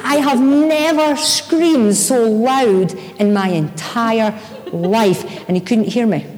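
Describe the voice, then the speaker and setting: A middle-aged woman preaching a sermon, telling personal stories in an animated way and acting out her own shouts. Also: a little high, slow pace, big-room sound, rough recording.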